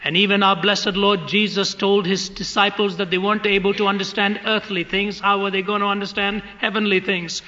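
A man's voice: sits high, little pitch movement, a little fast, hardly any pauses, bright, forceful tone. Earnest man preaching in a reverberant hall. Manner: earnest, dramatic storytelling. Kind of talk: sermon with storytelling. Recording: muffled recording in a reverberant hall.

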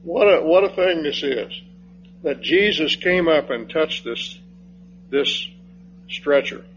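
A man preaching an expository sermon, slow and emphatic, rising on key phrases and dropping low when he reads scripture. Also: lively intonation. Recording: dull lo-fi sound with faint hum.

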